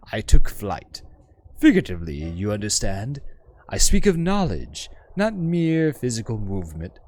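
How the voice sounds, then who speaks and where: A man's voice: medium pitch, darkish tone. A man putting on a stately scholarly woman. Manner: measured, formal, precise diction. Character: elegant formal woman scholar, serene hive mind.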